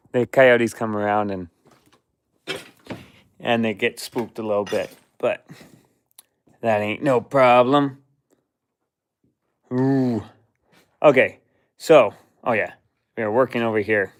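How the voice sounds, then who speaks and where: Slow, rambling man in a workshop. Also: on the low side, steady tone, clean tone, no room sound, studio quality. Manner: slow, rambling, talks to himself and his dog. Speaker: vlogger cleaning his workshop. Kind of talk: casual running commentary. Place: cluttered workshop and yard.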